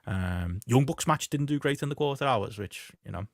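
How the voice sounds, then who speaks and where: A man's voice: mid-range voice, expressive, moderate pace, no room sound, studio quality. A man co-hosting a casual wrestling podcast, rambling through the news with lots of fillers and restarts. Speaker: podcast co-host.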